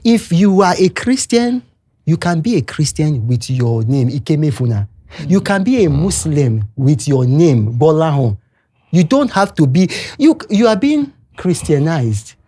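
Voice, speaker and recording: An older man with a Nigerian accent, a podcast guest talking in an emphatic, animated way and repeating his points. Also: on the high side, measured pace, breathy edge. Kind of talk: casual podcast chat.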